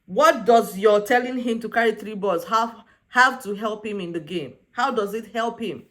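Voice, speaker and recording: A woman's voice: mid-range voice, normal speed, few pauses, a bit bright. A young woman, giving a sassy, exasperated recap of a reality show and acting out the quotes. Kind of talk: casual opinionated recap commentary.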